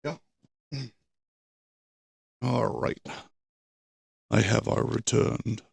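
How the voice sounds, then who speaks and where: A man's voice: mid-range voice, very slow, vocal fry, husky, no room sound. A man in casual, laid-back chat at a tabletop game. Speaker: player.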